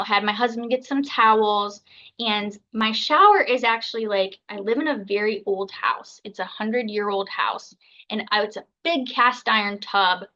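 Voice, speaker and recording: US woman, 30s, podcast guest. Chatty, relaxed storyteller; bright, slightly high voice on a somewhat muffled recording. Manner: chatty, lots of "like" and "um", quotes herself. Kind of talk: casual storytelling.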